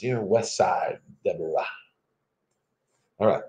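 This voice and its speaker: A middle-aged man gives a live tarot reading for viewers, joking playfully between cards. His voice sits low and he speaks slowly, with a roomy echo on the recording.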